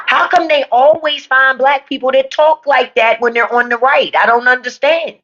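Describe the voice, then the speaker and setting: A woman's voice: high-pitched, fairly even intonation, moderate pace, hardly any pauses, fairly bright tone, dull audio, slight background noise. A woman hosting a live stream, delivering a blunt, profane political rant to her viewers. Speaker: livestream podcast host. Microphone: phone or desk mic for a live stream.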